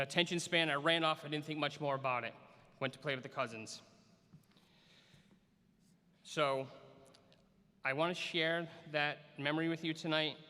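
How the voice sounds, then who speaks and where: A man's voice: on the high side, pushed and bright, big-room sound. A man, a school superintendent, giving a commencement speech outdoors and telling a story with self-deprecating humor. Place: outdoor graduation on a school field.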